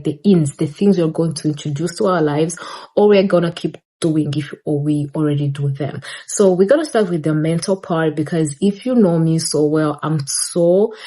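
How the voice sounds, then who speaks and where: Breathless woman vlogger, low mellow voice. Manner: chatty, rambling, frequent fillers. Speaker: beauty and lifestyle vlogger. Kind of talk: casual sit-down chat while doing makeup. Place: indoors at home, sit-down filming. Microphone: camera in front of her.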